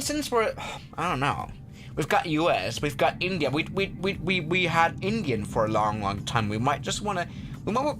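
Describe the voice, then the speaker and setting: A man hosting a casual flight-sim livestream, chatty and rambling, with lots of fillers and restarts. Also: a little high.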